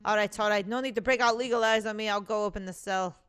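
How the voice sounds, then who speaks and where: A woman voicing a gruff, dismissive male prison guard in a game. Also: medium pitch, fairly even intonation, quick pace, fairly bright tone, natural voice.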